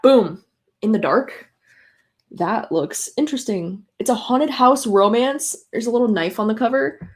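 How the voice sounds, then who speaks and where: A young woman hosting a live readathon stream, reading chat messages aloud and chatting casually and excitably, with many filler words. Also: mid-range voice.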